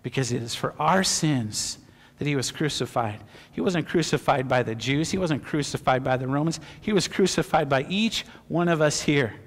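A middle-aged male pastor preaching a sermon with passion, swinging between loud fervor and hushed emotion. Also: a little high. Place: church sanctuary. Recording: long reverb of a church hall.

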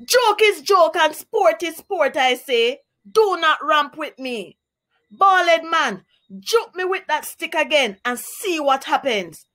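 A woman voicing a cranky, foul-mouthed male parrot who scolds in a shrill voice with a Jamaican accent. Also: takes it slowly, bright, forceful tone, full character voice. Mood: raging.

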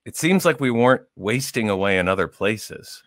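A man's voice: fairly low pitch, expressive, normal speed, fairly bright tone, dry recording, studio quality. A man acting out a comedy sketch as a podcaster, arguing with his partner in exasperation.

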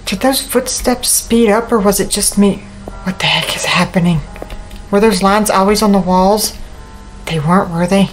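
A woman's voice: mid-range voice, normal speed, faint music behind, rough recording. A woman playing a horror game and commenting, talking to herself in a nervous, jumpy, joking way. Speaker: gaming YouTuber.

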